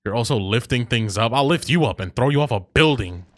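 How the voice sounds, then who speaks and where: A man's voice: medium pitch, expressive, fairly quick, dry recording. A man streaming a video game, chatting casually in a profane, teasing way that often breaks into laughter. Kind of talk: casual gaming chat.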